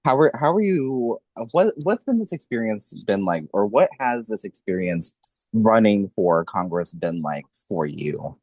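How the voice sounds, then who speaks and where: A man's voice: lowish voice, expressive, measured pace, darkish tone, dry recording. A man hosting a casual political interview, blunt and swearing freely. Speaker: interviewer host.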